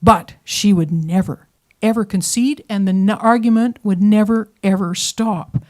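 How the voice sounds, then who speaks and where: A woman telling a story live to an audience, with dramatic pacing and hushed moments for suspense. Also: mid-range voice, unhurried. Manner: lively, dramatic pacing, drops to whispers for suspense. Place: performance venue showroom.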